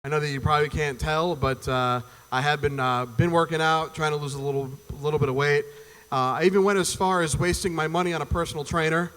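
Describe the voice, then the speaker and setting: A man's voice: a little high, fairly even intonation, fast talker, a bit bright. A man doing an open mic stand-up set, rambling and profane, acting out little voices as he goes. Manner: loose, profane, rambling delivery with acted-out voices. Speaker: stand-up comedian. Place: performance venue stage before a live audience. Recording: long hall reverb from a venue.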